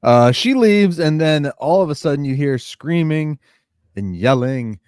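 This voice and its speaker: A podcast co-host chatting casually with skeptical, wry remarks. His pitch moves around in a lively way. The recording is dry and close, with no room sound. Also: unhurried, smooth, no room sound. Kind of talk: casual recap chat.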